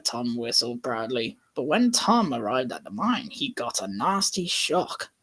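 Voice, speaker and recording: Male narrator slow, animated comic storybook reader, hobby channel feel. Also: medium pitch. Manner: slow, lively reading with bursts of laughter. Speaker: YouTuber reading a comic mistranslation.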